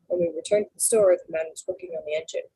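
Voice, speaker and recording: A woman's voice: on the low side, steady tone, fast talker, mellow, husky, rough recording. A woman casually reading a novel aloud in first person, stumbling over words now and then and correcting herself as she goes. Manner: unpolished reading with slips and self-corrections. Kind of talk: casual read-aloud narration.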